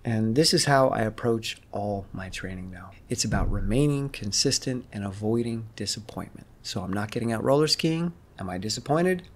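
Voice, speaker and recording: A man's voice: fairly low pitch, lively intonation, normal speed, hardly any pauses, a little hiss or hum. A man in his fifties, a fitness vlogger, talks to the camera in a casual, reflective way and thinks aloud. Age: 50s. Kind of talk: casual vlog monologue.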